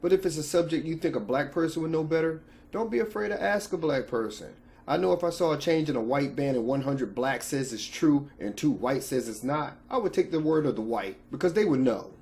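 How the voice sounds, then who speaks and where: A man's voice: on the high side, animated, brisk, hardly any pauses, darkish tone. A man hosting a casual vlog, opinionated and speaking directly to his viewers. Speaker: channel host.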